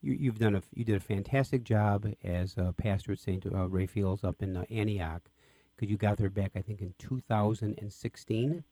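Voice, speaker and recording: A man's voice: on the low side, moderate pace, mellow, no echo. A man hosting an interview who asks questions with enthusiasm. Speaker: host, interviewer. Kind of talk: radio interview.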